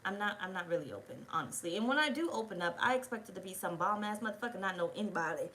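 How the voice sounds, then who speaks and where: A woman rattles through a rambling personal story at a quick clip, swearing freely and speaking bluntly. Her pitch sits in an ordinary middle range, and she talks straight to her viewers in a loose, conversational way. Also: lively intonation, pushed and bright, a little hiss or hum, poor audio. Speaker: tarot reader. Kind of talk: casual story time.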